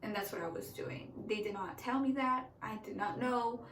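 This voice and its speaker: A woman's voice: fairly high pitch, normal speed, distant mic, a little hiss or hum. Chatty young woman, echoey room. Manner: chatty, animated, acts out quotes. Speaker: new mother telling her birth story. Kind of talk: casual storytelling vlog. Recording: echoey room, away from the mic.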